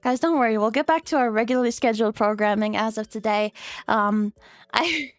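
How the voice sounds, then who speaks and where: A young adult woman streams and chats casually with viewers, rambling, giggling, swearing freely, and leaping into squeaky high bits. She talks briskly, and there's no room sound.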